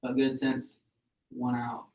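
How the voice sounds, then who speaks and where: A male student reading a play aloud in class, halting and stumbling over the words. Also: mid-range voice, completely flat delivery, a little mellow. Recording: distant echoey classroom.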